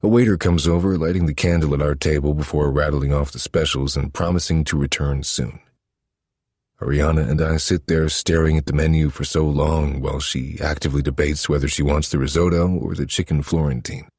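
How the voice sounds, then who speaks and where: A man narrating a first-person romance story in a low, intimate, steady manner. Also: brisk, slightly rough, dry recording, clean studio sound. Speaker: audiobook narrator.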